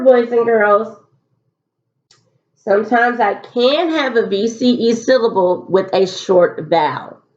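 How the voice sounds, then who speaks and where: Slow, patient woman teaching phonics. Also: mid-range voice, a little mellow, highs cut off. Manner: patient, step-by-step, repeats key phrases. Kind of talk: recorded phonics lesson for students.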